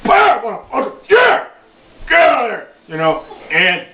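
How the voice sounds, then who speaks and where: In a roomy, dull, lo-fi home video, a man with a high-ish voice speaks at normal speed in a steady tone, lightly acted. He plays a foul-mouthed, boastful redneck in his sixties, telling a rambling, profane comedy monologue.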